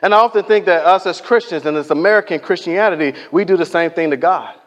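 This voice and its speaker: A man's voice: high voice, fast. A man preaching a sermon in a conversational, storytelling way, acting out the people he quotes. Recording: echoey hall reverb.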